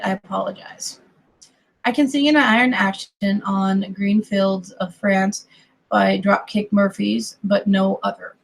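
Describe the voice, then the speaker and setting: A woman talks her way through a drawing session, slow and unhurried, with a gravelly, fry-touched voice. She rambles between topics and drops self-deprecating apologies. Her words often fade into quiet murmurs as she concentrates. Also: mid-range voice, poor audio. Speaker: digital artist streaming her drawing. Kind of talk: casual commentary while drawing.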